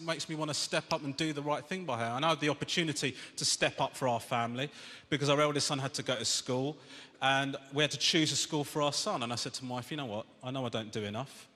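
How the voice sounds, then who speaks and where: A British man doing a stand-up routine, exasperated and ranting, his voice rising to shouts. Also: fairly high pitch. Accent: British English. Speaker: stand-up comedian. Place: large theatre stage with audience laughter. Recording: echoey theatre hall, audience noise.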